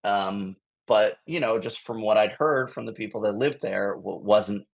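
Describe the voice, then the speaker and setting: Speaking unhurriedly in a low, creaky voice, an American guest from Los Angeles, a touring improv comedian, rambles through a casual story over video call with frequent chuckles. The highs in the audio are cut off.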